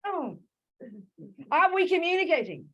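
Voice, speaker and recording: An Australian woman teaching Buddhism to a live audience in a lively, conversational way, often asking rhetorical questions. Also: extremely high pitch, measured pace, dull audio. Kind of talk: dharma talk to a live audience.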